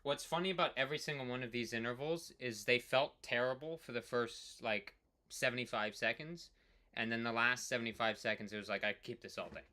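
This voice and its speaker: A man with a sharply bright, cutting tone talks loosely through his cycling workout numbers. He rambles, leans on filler words and swings from excited outbursts to quiet muttering at his own stats. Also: medium pitch. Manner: excitable, peppered with "like", quick swings between hype and mutters. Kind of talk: casual rambling commentary on ride data.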